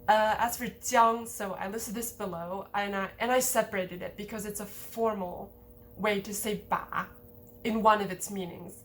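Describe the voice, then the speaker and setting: A woman's voice: medium pitch, steady tone, normal speed, slight background noise. A woman giving a casual lesson over slides, explaining in a chatty way with many fillers. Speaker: language teacher.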